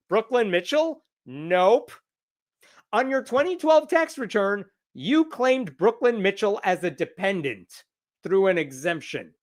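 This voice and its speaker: A man's voice: sits high, voice pushed up. A man reading as a skeptical lawyer. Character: probing male attorney, skeptical.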